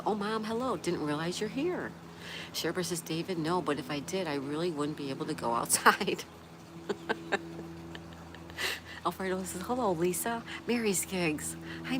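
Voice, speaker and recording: A lower-pitched woman hosts a relaxed livestream, reading out viewer comments one after another and answering them in a chatty, laughing way. Steady background noise sits under her voice. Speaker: livestream host reading chat. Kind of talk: casual livestream chat.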